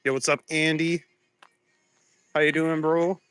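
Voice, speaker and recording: A man's voice: fairly high pitch, level tone, measured pace, fairly bright tone, clean tone, dry recording, faint music behind. A man hosting a live stream as he walks outdoors at night, chatting loosely with viewers on his phone, greeting them and laughing easily. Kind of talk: casual live-stream chat. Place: outdoors at night, walking the streets. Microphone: phone camera.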